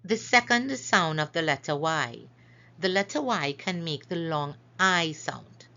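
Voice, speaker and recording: A woman teaching a phonics lesson over slides, slowly stretching out and repeating each example word. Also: deep voice, animated, bright, forceful tone, highs cut off. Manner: slow, careful, stretches out example words.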